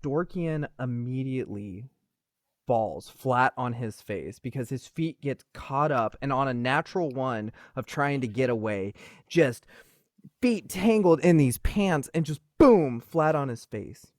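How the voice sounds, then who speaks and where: A man narrating a tabletop game as game master, in a casual, animated way. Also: medium pitch, a little slow, no echo, clean studio sound.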